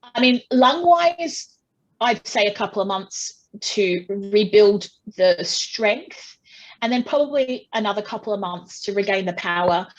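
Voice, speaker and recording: A woman speaks in a loose, chatty way, at a middling pitch, with many restarts and asides. She tells her story at length and briefly acts out the people in it. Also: muffled recording. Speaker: singer being interviewed. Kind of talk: casual interview talk.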